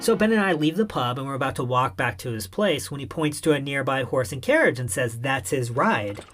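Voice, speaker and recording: A man's voice: mid-range voice, animated, fairly quick, over music. A man narrating a comic first-person story in an irreverent, wry tone.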